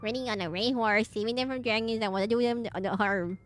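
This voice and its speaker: A woman's voice: on the high side, fairly even intonation, fairly quick, natural voice. A woman voicing a mysterious, taunting teenage girl who speaks in a theatrical, mocking way in a horror game. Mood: cryptic taunting. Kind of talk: game dialogue voiced by a streamer.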